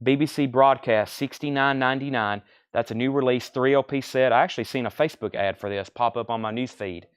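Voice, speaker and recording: A man hosting a live-streamed record sale, briskly listing titles and prices and taking bids in a casual selling patter. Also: medium pitch, clean tone, dry recording, clean studio sound. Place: record shop.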